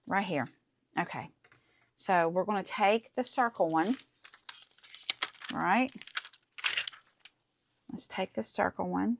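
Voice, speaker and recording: A woman's voice: mid-range voice, slow pace, vocal fry, long pauses, no room sound. A woman hosting a casual crafting tutorial, chatty and enthusiastic as she talks through each step. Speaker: crafting channel host.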